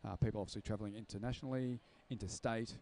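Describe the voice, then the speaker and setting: A man's voice: fairly low pitch, steady tone, racing, darkish tone, a little hiss or hum. A man giving live roller derby commentary, chatty and joking at his own expense. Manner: chatty, jokey, self-deprecating, ad-libbing. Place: sports venue.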